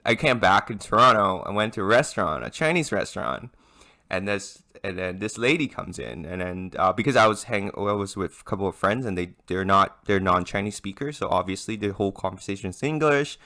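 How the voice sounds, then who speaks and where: Young man from Hong Kong, podcast host, casual chat, animated storytelling, restarts. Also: lowish voice, moderate pace.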